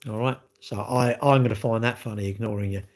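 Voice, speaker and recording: A man's voice: lowish voice, steady tone, fairly quick. A man on a live stream, answering chat comments bluntly in a rambling way, full of restarts and rhetorical questions.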